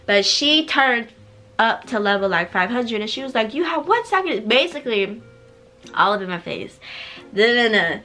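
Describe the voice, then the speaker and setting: A young woman vlogger in her twenties telling a casual story at home, blunt and animated, full of slang and swearing, keeping her voice down at night. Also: medium pitch, normal speed, soft background music. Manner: drops to a quieter voice so neighbors won't hear.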